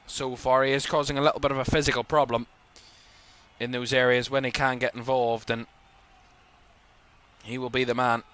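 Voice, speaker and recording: A man's voice: mid-range voice, flat delivery, moderate pace, long pauses, fairly bright tone. A man with a Northern Irish accent from Belfast, hosting live watchalong commentary in a rambling way, full of fillers. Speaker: host.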